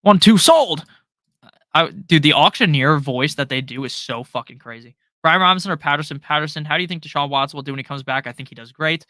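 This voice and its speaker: A young man hosts a live fantasy football stream from his home setup, reading viewer questions aloud and firing back fast, profane, joking answers in a rapid-fire Q&A. His voice is fairly high, bright and forceful, and the recording is dry.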